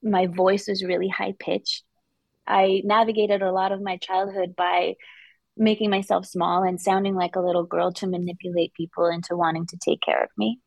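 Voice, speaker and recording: Brief: candid woman guest, low gravelly voice, dry close sound. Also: level tone, a little mellow, dry recording, rough recording. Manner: reflective, openly vulnerable, halting restarts. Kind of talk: candid interview conversation.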